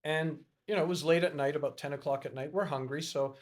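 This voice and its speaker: A middle-aged man, a podcast guest, telling anecdotes in a lively way and acting out the lines of the people in them. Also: a little high, fast. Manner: lively, acts out dialogue in a raised voice. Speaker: podcast guest, educator and networker. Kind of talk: animated storytelling in a podcast interview.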